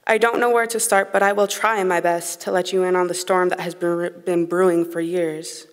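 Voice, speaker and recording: A woman's voice: on the low side, flat delivery, normal speed. A young woman in her late teens performing a spoken word poem on a concert hall stage, with an earnest, emotionally raw delivery. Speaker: high school slam poet. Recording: long reverb of a concert hall.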